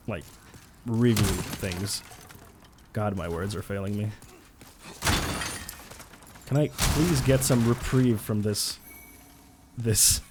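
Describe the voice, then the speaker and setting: A man chatting casually as a live game streamer, excitable and giggly. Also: medium pitch, a little hiss or hum.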